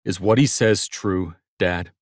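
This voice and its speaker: A pushy adult brother talks bluntly and insistently in an audiobook, as a man reads him. The voice sits a little higher and louder than the reader's own. The recording is dry and close. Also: slow, no echo. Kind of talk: audiobook character voice.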